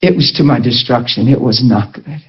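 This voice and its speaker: A man preaching and telling a personal story to a school class, animated and laughing, on a dull lo-fi recording. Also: normal speed. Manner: animated, laughing, swings between high and low voice. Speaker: pastor teaching a ministry school.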